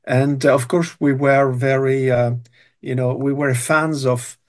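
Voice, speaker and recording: A retired man in his sixties from Brittany, France, talks with a French accent as a guest in a casual interview, hesitating often with lots of fillers and restarts. His mid-range voice has a flat delivery and a measured pace.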